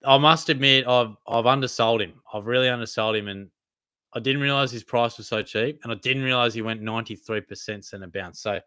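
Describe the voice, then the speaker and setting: Laid-back Aussie bloke answering chat. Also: male voice, mid-range voice, a little fast, bright, forceful tone, clean tone, no echo. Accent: Australian. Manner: laid-back, blokey, calls viewers mate. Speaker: fantasy football live stream host. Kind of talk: casual live Q&A reading chat questions.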